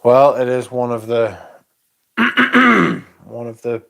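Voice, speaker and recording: A man hosts a casual livestream, reading viewer comments aloud in an unhurried drawl. His voice has a gravelly, creaky edge. He rambles along at an easy pace and swears offhandedly. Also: medium pitch, very animated, sharp tone. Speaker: livestream host.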